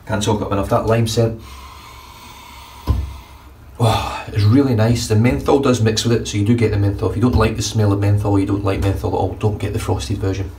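A man's voice: fairly low pitch, a little mellow. A man in a bathroom giving a casual, blunt and sweary shave review. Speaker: wet-shaving vlogger. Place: indoor bathroom. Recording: distant mic with faint room noise.

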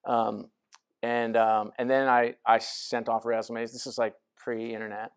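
Man, 40s, gravelly, mid-pitched, casual storyteller with many fillers. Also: little pitch movement, a little slow. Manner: casual, self-deprecating, lots of fillers. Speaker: guest speaker. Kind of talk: storytelling lecture talk. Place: lecture hall.

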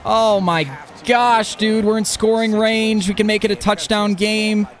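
A young man commenting on his own football video game as he plays, excitable and talking to himself, often yelling at plays. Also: high-pitched, a little slow. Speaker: gaming YouTuber. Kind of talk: live gameplay commentary.

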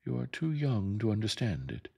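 A sharp-tongued older Southern neighbor woman, given voice by a man in a gentle storybook reading. She speaks in a dry, firm, plain-spoken way. The voice under her is very deep and husky, with lively swings in pitch. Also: normal speed, full character voice.

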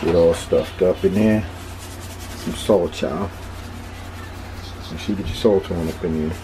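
A cooking vlogger with a Philadelphia accent talks casually while cooking on his own video, laid-back and chatty, and he repeats himself. His low voice stays steady and unhurried, with background noise in the recording.

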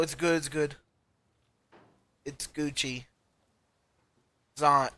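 Animated yelping VTuber woman. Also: sits low, extremely slow, long pauses, dry recording. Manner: yelps yes and no, laughs and shrieks at setbacks. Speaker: VTuber streamer. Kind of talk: reactive gameplay commentary.

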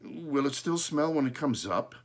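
A curious young farm boy asks eager questions in a raised, boyish voice, as a man reading a storybook puts him on. The lines rise and fall with lively inflection. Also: a little high, moderate pace, voice pushed up.

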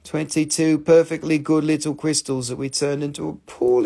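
A man's voice: on the high side, a little fast, creaky, dark tone. A man hosting a live stream, selling crystals in casual, joking sales patter full of swearing. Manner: chatty, profane and joking.

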